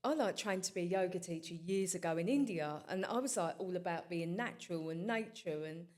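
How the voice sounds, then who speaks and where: Blunt, candid woman, low voice. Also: fairly quick, a little mellow. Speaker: guest, local DJ. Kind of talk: casual chat.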